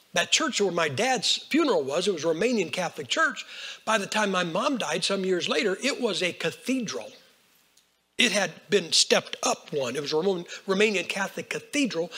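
An older man preaching a folksy storytelling sermon, swinging between hushed lines and loud bursts. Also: high-pitched, husky. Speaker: Baptist preacher.

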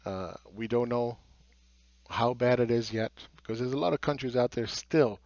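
A man's voice: medium pitch, normal speed, a little mellow, dry recording, highs cut off. Blunt sarcastic man with a dry sound. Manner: blunt, sarcastic, swears, mocks others in put-on voices. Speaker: market analyst. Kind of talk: market commentary monologue.

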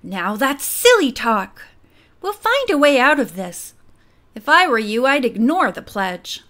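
A woman's voice: sits high, big pitch swings, measured pace, fairly bright tone, exaggerated voice. A woman voicing a bold, kind teenage girl detective in an audiobook, speaking in a friendly, encouraging way.

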